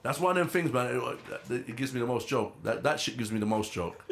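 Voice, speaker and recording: A man's voice: medium pitch, animated, a little fast, gravelly, fairly bright tone. A man talking loosely and swearing in casual podcast chat. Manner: loose, swearing, repeats himself. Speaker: podcast co-host.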